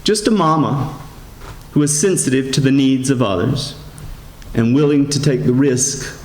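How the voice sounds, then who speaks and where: A man, a priest giving a sermon in a gentle storytelling manner, slowing down and rising in pitch for emphasis. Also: slight background noise. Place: church. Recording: echoey church sanctuary.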